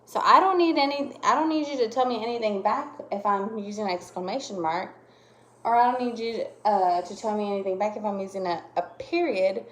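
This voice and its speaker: A woman's voice: medium pitch, fairly quick. A young woman teaching a lesson to small children, patient, checking in often with "okay?" and exaggerating her intonation to show how it works.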